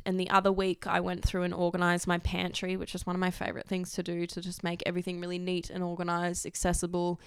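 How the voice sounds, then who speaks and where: A young Australian woman chats in a loose, rambling, personal way, dropping the odd swear word and laughing easily. Her voice is very smooth and resonant, and it sits close and dry with no room sound around it. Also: fairly low pitch, no echo. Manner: rambling, candid, swears freely, laughs often. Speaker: vlogger. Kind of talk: casual personal chat.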